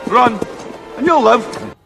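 An actor playing a rebel leader with a Scottish accent, declaiming a rousing speech in a film clip. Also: male voice, very high-pitched, expressive, slow pace, creaky, over music, heavily acted.

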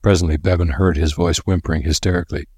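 A man narrating an audiobook with a steady, even reading. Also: sits low, fast, slightly rough, dry recording, clean studio sound.

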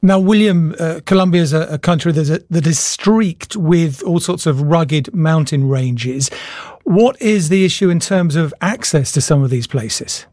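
A male news presenter with a slightly higher voice leads the segment in a formal, measured way. His sound is dry and close. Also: a little mellow, no echo.

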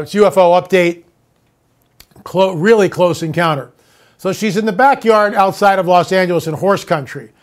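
A man with a high voice hosts a talk show monologue. He speaks emphatically and drives his points home by repeating phrases. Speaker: host.

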